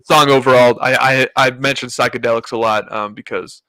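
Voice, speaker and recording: Bright-voiced easygoing young man. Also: medium pitch, steady tone, fairly quick, no echo, rough recording. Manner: loose, rambling, easygoing. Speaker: guest musician. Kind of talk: casual interview chat.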